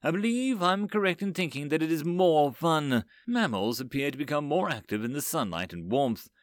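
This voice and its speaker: A man's voice: a little high, big pitch swings, normal speed, dry recording, clean studio sound, voice pushed up. A man voicing an upbeat robot observer. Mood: musing. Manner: hesitant, musing. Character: upbeat machine observer fond of humans.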